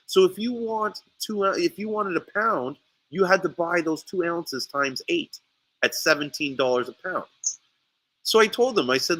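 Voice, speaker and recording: Bright-voiced man telling a heated story. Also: on the high side, moderate pace, poor audio. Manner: animated storytelling, swears often, many restarts. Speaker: sea moss seller. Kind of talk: casual podcast chat. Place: St. Lucia.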